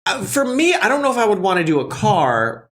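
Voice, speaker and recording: Bright-voiced excitable young man. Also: sits high, a little fast. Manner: loud, excitable, swearing, laughing often. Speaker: podcast co-host. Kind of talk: casual hot-sauce challenge chat.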